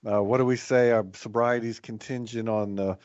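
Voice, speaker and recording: A man co-hosting a reflective spiritual talk about recovery, speaking in a thoughtful, measured way with some restarts. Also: mid-range voice, steady tone, a little mellow, no room sound, dull audio. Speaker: podcast co-host in recovery.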